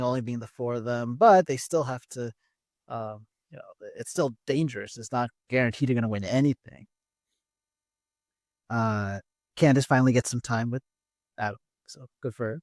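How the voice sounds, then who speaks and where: A man co-hosting a podcast, recapping episodes in a measured, slightly hesitant way with frequent pauses. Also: medium pitch, no room sound, clean studio sound. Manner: measured, hesitant, many "uh" fillers. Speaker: podcast co-host. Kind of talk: casual chat, recapping episodes.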